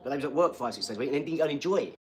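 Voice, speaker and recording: A man's voice: mid-range voice, animated, rapid-fire, a little hiss or hum. A man in his forties hosting a livestream, chatting casually and rambling, often asking "do you know what I mean.". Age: 40s. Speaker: livestream host. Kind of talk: casual chat, reading out viewer comments.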